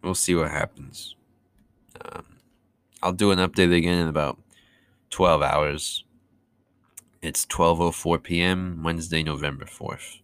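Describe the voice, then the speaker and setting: Young male vlogger, unhurried audio-diary delivery, sarcastic and full of fillers. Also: low voice, steady tone, fairly bright tone, clean tone, dry recording. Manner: rambling, sarcastic, many fillers and restarts.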